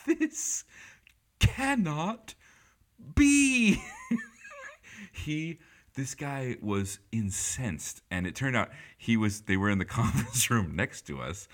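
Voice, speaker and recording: A man telling a funny story in casual speech, animated and laughing often, with many fillers. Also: on the low side.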